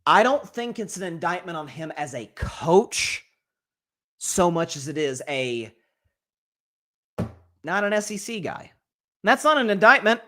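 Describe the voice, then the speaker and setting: A man's voice: sits high, big pitch swings, a little slow, long pauses, fairly bright tone. A man hosting a college football reaction show, talking in a rambling, conversational way with many restarts and asides. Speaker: sports show host.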